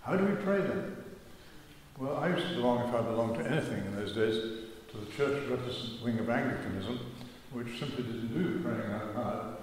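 A man's voice: medium pitch, brisk, hardly any pauses, a little hiss or hum. An older man telling a wry, self-mocking story as a speaker in a church. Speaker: speaker giving a testimony talk. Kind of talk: storytelling talk. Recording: echoey church hall.

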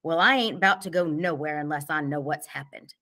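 A woman voicing a wary, blunt teenage boy who speaks curtly in a hushed voice. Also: sits low, sing-song, normal speed, husky, full character voice. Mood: cold.

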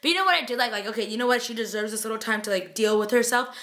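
Late at night, a young woman vlogger recaps a TV episode in a fairly high, slightly bright voice, talking at a racing clip. She sounds gushing yet tired, peppering her chatter with "like" and paraphrased quotes.

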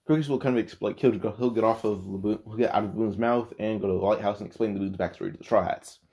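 A man's voice: on the low side, fairly even intonation, fast, a little mellow. A man casually retelling an anime fan story, rambling with lots of "like" and frequent restarts.

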